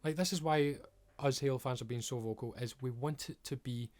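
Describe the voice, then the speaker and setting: A man's voice: mid-range voice, brisk, darkish tone. Man ranting, sweary and frustrated. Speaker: video creator. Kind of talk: ranting commentary.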